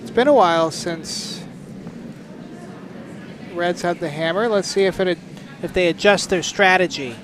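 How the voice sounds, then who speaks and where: High-voiced man with teasing commentary. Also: unhurried, pauses often, background noise. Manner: dry, teasing humor. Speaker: curling commentator. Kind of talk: casual live sports commentary.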